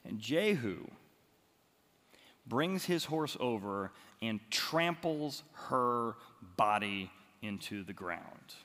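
Male pastor, animated storyteller, voice swinging widely up and down, recorded in a reverberant hall. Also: medium pitch, slow pace. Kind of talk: expository sermon.

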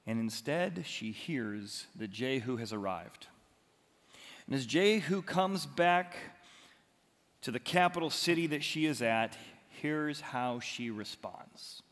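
A male pastor preaching a sermon, retelling the story with animated, dramatic storytelling. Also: medium pitch, slow, big-room sound. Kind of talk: expository sermon.

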